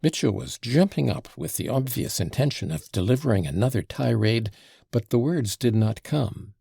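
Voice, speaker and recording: A man narrating a classic novel as an audiobook in an expressive, dramatic reading. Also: mid-range voice, normal speed, creaky, breathy edge, dry recording, clean studio sound.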